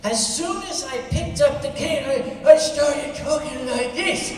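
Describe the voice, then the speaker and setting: Man, comic storyteller, high voice, slow delivery, echoey hall, distant mic. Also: crowd noise, noisy background. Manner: animated, laughing at his own tale. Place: large convention hall.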